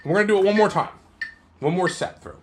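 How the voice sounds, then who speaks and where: A man streaming his guitar practice live, counting beats aloud in a slow sing-song and talking through how each run felt. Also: sits high, noisy background. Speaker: guitar teacher practicing on a livestream. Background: guitar playing.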